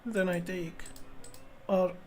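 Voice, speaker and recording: Woman chess streamer, slow and halting, talks under her breath to herself. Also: fairly low pitch, fairly even intonation, soft background music. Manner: muttering to herself, repeating phrases, halting. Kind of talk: thinking aloud while playing chess.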